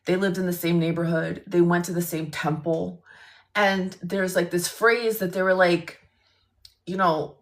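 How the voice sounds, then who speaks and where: A woman's voice: lowish voice, little pitch movement, measured pace. A woman attorney telling a story casually on a livestream, blunt and profane, speaking into a phone.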